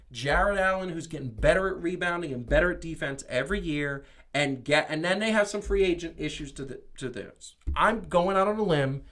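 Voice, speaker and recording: Man co-host, casual sports talk, fairly high voice, animated and opinionated, quick restarts. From New York. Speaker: podcast co-host. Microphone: streamed show mic.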